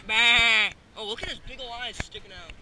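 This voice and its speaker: This man talks fast in a high-sitting voice, giving casual handheld commentary on a family outing to a farm orchard. He jokingly teases the animals and reads signs out loud, while the camera mic picks up heavy outdoor noise.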